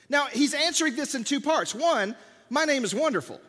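Male pastor, high voice, conversational sermon, acts out scripture dialogue, church hall echo. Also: expressive, brisk, bright, forceful tone. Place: church sanctuary.

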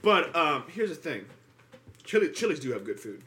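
A young man co-hosting a casual podcast chat, joking and teasing his friends, quick to laugh. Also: fairly high pitch, very animated, bright, forceful tone. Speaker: podcast co-host.

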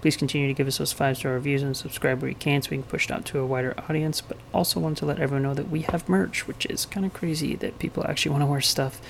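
A man's voice: fairly high pitch, fairly even intonation, rapid-fire, creaky, hardly any pauses, slight background noise. Laid-back young male podcast host. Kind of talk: casual chat.

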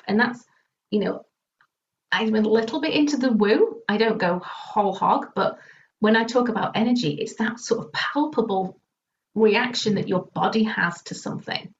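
A woman EFT practitioner and confidence coach, a guest in an interview, explaining her work through lively stories and casual swearing. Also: on the high side. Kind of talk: conversational interview answers. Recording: distant, muffled with faint background noise.

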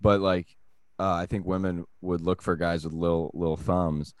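A man's voice: sits low, level tone, moderate pace, darkish tone, smooth, no echo, studio quality. A man co-hosting a podcast in casual comedic chat, rambling and joking with mumbled asides. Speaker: podcast co-host.

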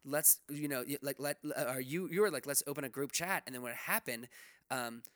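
Mid-range and a bit bright, this man's voice moves fairly quickly in a dry, studio-quality recording. Co-hosting a podcast, he chats loosely, full of fillers and restarts, swearing freely.

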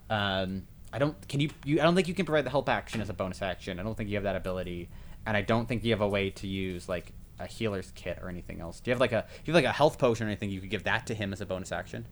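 A man's voice: fairly low pitch, fast talker, a bit bright, slight background noise. A man acting as game master of a tabletop game, explaining rules and narrating with many restarts and fillers. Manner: rambling, full of fillers and restarts.

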